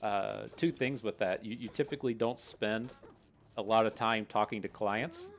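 A man's voice: lowish voice, sing-song, normal speed. A man from West Virginia with a thick Appalachian accent, chatting casually and rambling through gameplay commentary, swearing freely. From West Virginia, USA. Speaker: gaming channel host.

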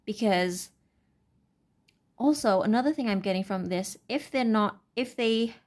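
A woman giving a casual, unscripted tarot reading, talking in a halting, rambling way with many fillers and restarts. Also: medium pitch, a little mellow. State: brain fog, stuttering. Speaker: tarot reader.

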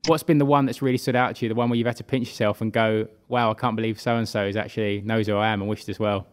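Fast-talking chatty male co-host. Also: on the low side, little pitch movement. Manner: chatty, asks long questions. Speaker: podcast co-host. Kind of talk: casual chat.

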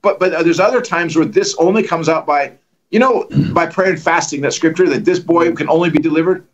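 A man telling lively stories as a guest evangelist on a livestream, acting out the quotes and joking. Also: fairly high pitch, fairly quick, dull audio. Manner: animated, acts out quotes, joking. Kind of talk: storytelling in a livestream conversation.

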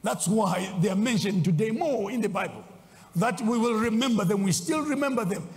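A man preaching a sermon as a bishop, swinging between loud exclaims and low asides. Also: normal speed. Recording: long hall reverb.

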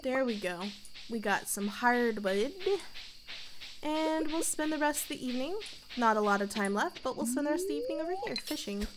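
A woman's voice: on the high side, expressive, normal speed, background noise. A young woman giving playful, chatty commentary while playing a farming game, talking to herself and her viewers. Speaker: gaming youtuber. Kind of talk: casual let's-play commentary.

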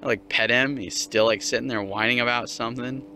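A man's voice: medium pitch, fairly even intonation, a little fast, background noise. A young man ranting casually while walking his dog, swearing often and laughing at it. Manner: profane, mocking, laughs often. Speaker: vlogger. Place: outdoors on a dog walk.

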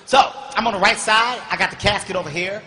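A man performing a stand-up comedy routine, telling a story animatedly and often shouting, recorded live on stage. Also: high voice, fast, long reverb tail, slight background noise. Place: comedy stage before large audience.

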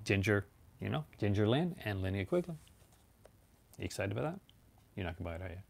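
A man's voice: on the low side, big pitch swings, fast talker, gravelly. A man hosting a casual, rambling chat about his movie collection, laughing often.

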